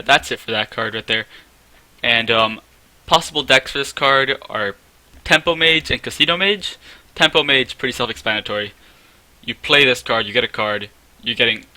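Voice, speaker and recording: A man's voice: mid-range voice, pushed and bright, dry recording. A man giving a casual, chatty review of game cards, often correcting himself mid-sentence and scoring each card out of ten. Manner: chatty, self-correcting, rates things out of ten.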